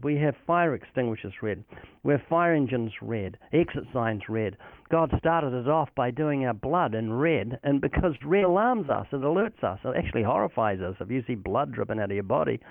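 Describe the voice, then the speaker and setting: A man's voice: mid-range voice, expressive, fairly quick, creaky, dry recording. Guy preaching earnestly on a tinny phone line, dry sound, acts out little back-and-forths. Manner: earnest preaching delivery, quoting scripture and acting out dialogues. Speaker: evangelist guest. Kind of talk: recorded phone interview about faith.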